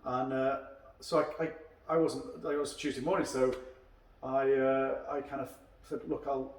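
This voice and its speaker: A man with a mid-range voice, a karate instructor who hosts a podcast, talks at a normal speed during a casual chat over drinks. He tells long rambling anecdotes and acts out quoted dialogue, recorded from a distance in an echoey room.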